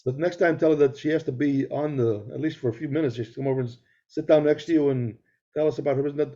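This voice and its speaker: A man's voice: on the high side, fast, dark tone. A middle-aged man co-hosting a podcast over a video call, telling rambling jokey stories in casual chat. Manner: joking, rambling storyteller. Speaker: podcast co-host. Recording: dull lo-fi call audio.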